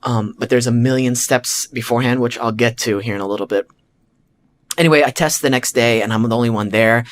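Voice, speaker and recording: A man in the middle of pitch, hosting a podcast and telling a personal story. He talks casually and with a lot of animation, and keeps slipping into lines of his own inner thoughts. He leans on fillers like "like" and "you know". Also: steady tone, brisk, slight background noise. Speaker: podcast host.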